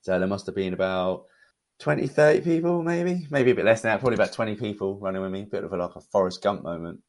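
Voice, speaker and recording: British man, lowish voice, relaxed, chatty podcast guest. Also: fast talker. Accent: British English. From United Kingdom. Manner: relaxed, chatty, many fillers. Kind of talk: casual conversational storytelling.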